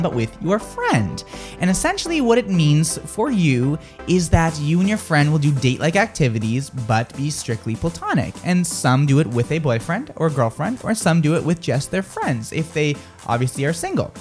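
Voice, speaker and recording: A man hosting a morning radio show, animated and laughing as he reads listener texts aloud. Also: fairly high pitch, normal speed, soft background music. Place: radio studio.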